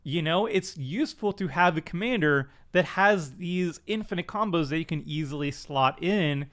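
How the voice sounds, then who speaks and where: A man with a slightly high, a bit bright voice hosts a commander card game stream at a moderate pace. He reviews cards in a casual, chatty and self-deprecating way, with plenty of fillers and restarts.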